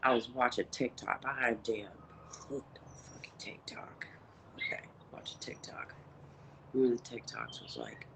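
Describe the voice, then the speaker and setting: A woman's voice: rumbling low, big pitch swings, measured pace, creaky, fairly bright tone, in a whisper. A middle-aged woman livestreaming casual, rambling chat, cussing freely and talking straight to her viewers. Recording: noisy phone livestream.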